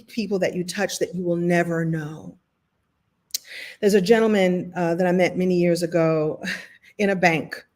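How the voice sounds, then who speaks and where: A woman from Brooklyn, New York, giving a motivational livestream talk as a speaker and coach. She tells stories in an emotional, animated way and laughs often. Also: on the low side.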